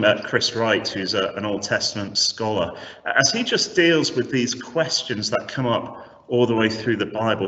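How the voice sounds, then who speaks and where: A man preaching a sermon with animated, rhetorical emphasis, heard from a distance in a church. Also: medium pitch. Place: church hall. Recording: echoey hall from a distance, slightly dull.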